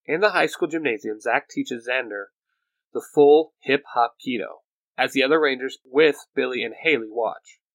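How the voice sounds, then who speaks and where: A man's voice: medium pitch, normal speed, dry recording, poor audio. A man reading the narration of a fan-made superhero audio drama. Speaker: storyteller.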